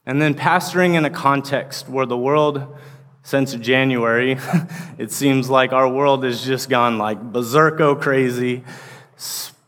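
A man's voice: mid-range voice, fairly even intonation, measured pace, a bit bright. A man in his thirties, an associate pastor, preaching a sermon in a casual, rambling way full of fillers. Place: church sanctuary. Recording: long reverb of a large hall.

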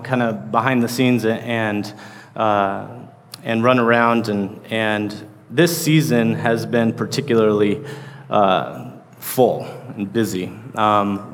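In a church sanctuary, an associate pastor in his thirties preaches a casual, rambling sermon full of fillers. His voice sits fairly low, with a little hiss or hum and the long reverb of a large hall.

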